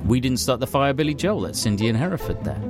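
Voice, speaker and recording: A man's voice: mid-range voice, very animated, fast talker. Talk it through like a local radio presenter, an easygoing man reading listener messages over background music. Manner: chatty, chuckling, offhand fillers.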